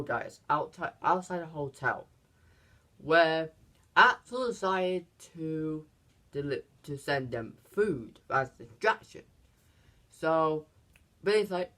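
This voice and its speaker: A movie reviewer recapping a film's plot in casual talk, halting and full of restarts, acting out quoted lines in higher voices. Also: a bit bright. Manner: halting, many fillers and restarts.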